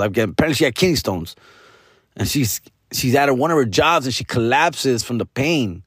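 A man's voice: medium pitch, no room sound, studio quality. A young man, a podcast host telling a comedic story in a profane, rambling way, dropping Spanish slang.

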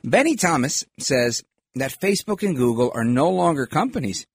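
A middle-aged male talk host with a husky voice who rambles through opinionated political commentary and wanders off on tangents. His pitch swings widely as he talks. The sound is dry and close, with no room around it. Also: normal speed, dry recording. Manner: rambling, animated, digressive.

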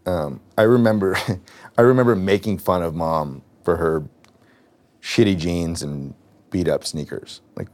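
Man, 30s, low voice, cofounder, candid and hesitant, retells what was said. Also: unhurried, a little mellow. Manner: reflective, hesitant, retells conversations. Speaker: business cofounder. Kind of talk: candid conversation in a therapy session.

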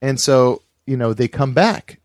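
A man's voice: mid-range voice, a little slow, dry recording. Rambling man, dry close mic. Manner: rambling, many fillers, acts out quoted voices. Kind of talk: casual storytelling chat.

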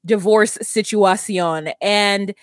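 A woman's voice: mid-range voice, slow pace, no room sound, studio quality. Rambling chatty woman podcast co-host. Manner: rambling, filler-heavy, worried musing. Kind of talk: casual reality-TV recap chat.

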